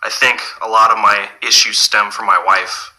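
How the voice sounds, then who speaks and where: A man's voice: lowish voice, flat delivery, normal speed, sharp tone, poor audio. A man playing an earnest, frustrated bird lover who is pouring out his problems in a comedy sketch. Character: angry adult man who loves birds, seeking therapy.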